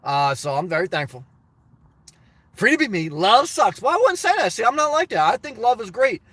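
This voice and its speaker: A man's voice: high-pitched, big pitch swings, a little fast, fairly bright tone, husky, no echo. A man casually reading viewer comments and answering them bluntly, rambling with restarts. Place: lives in his car.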